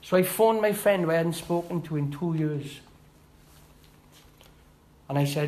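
A middle-aged man giving a personal church testimony, halting and heartfelt, with restarts and rising emphasis. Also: a little high, darkish tone, slight background noise, low-quality recording. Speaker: testimony speaker.

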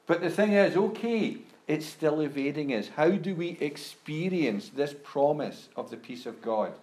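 A man preaching a sermon, speaking deliberately and rising to emphatic peaks as he reads scripture aloud. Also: a little high, animated, darkish tone. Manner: slow, deliberate, emphatic rises when reading scripture. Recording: roomy echo.

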